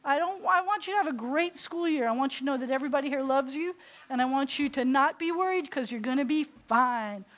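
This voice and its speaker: A woman with a Southern American accent leading a congregation through a service, giving gentle instructions. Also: high-pitched, quick pace. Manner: warm instructive directions to a congregation. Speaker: service leader.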